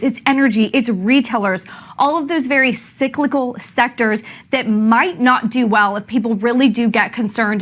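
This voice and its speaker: A woman's voice: a little high, fairly bright tone. A woman reporting live from a market desk, explaining stock moves in a conversational on-air way while walking through charts.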